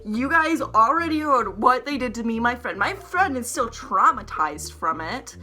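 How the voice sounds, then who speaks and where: A woman's voice: fairly high pitch, expressive, moderate pace, few pauses, bright, forceful tone, faint music behind. A young woman vlogger telling a heated storytime, rambling, swearing often and saying "like" a lot. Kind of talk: storytime vlog to camera.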